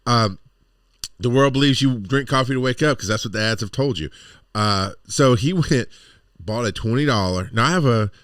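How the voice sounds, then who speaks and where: A man's voice: medium pitch, moderate pace, fairly bright tone, dry recording, clean studio sound. A middle-aged man co-hosting a podcast, chatting casually and telling rambling, exasperated stories. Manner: rambling storyteller, exasperated asides. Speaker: podcast co-host. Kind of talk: casual chat.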